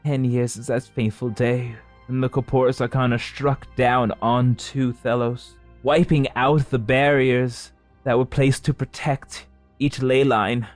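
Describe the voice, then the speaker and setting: A man voicing a weary, gentle woman of a resistance, explaining softly in a higher voice. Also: steady tone, a little slow, faint music behind, lightly acted.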